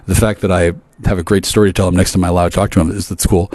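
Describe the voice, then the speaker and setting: Man, lowish voice, rambling swear-filled rant to camera, stumbles over his words. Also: little pitch movement, racing, darkish tone. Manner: profane, aggressive, stammering restarts.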